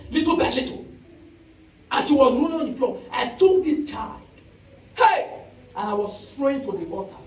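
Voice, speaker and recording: A man's voice: very high voice, echoey room, distant mic, poor audio. A man preaching a testimony sermon, telling the story with emphasis and calling out hallelujahs.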